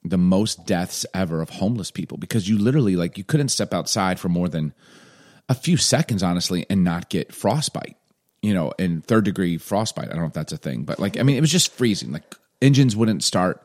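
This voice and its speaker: A man's voice: low voice, animated, brisk, darkish tone. A man co-hosting a casual chat, telling stories loosely and leaning on filler words. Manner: loose, rambling storyteller, heavy on "like". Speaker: podcast co-host, father.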